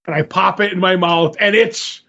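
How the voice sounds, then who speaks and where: A man's voice: high voice, steady tone, moderate pace, gravelly, sharp tone, lo-fi sound. A man co-hosting a podcast, telling a long rambling anecdote in casual chat and acting out his own quotes. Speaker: podcast co-host.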